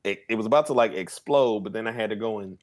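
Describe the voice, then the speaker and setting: A man co-hosts a podcast, chatting casually and rambling with plenty of fillers and restarts. His lowish voice is fast and slightly mellow.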